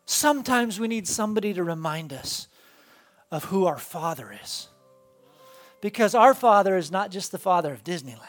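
A woman's voice: on the low side, expressive, normal speed, faint music behind. A woman pastor preaching a sermon to a congregation in a church, earnest and building with rhythmic repetition. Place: church sanctuary before a congregation.

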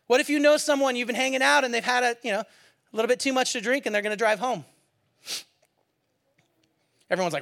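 A man's voice: very high voice, fairly quick, gravelly, fairly bright tone. A middle-aged man preaching a sermon as a pastor, in a conversational, joking way that acts out what people say.

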